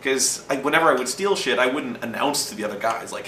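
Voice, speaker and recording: Bright-voiced man rambling in a roomy space. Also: medium pitch, quick pace, slight background noise. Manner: rambling, profane, acts out quoted lines. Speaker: host telling gaming stories. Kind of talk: casual storytelling monologue. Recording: roomy echo from a distant mic.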